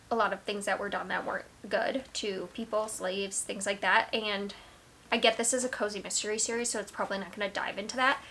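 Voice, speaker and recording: A woman's voice: mid-range voice, sharp tone, a little hiss or hum. A young woman talking casually to camera about her books, rambling with lots of "like" and trailing restarts. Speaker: book vlogger. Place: at home.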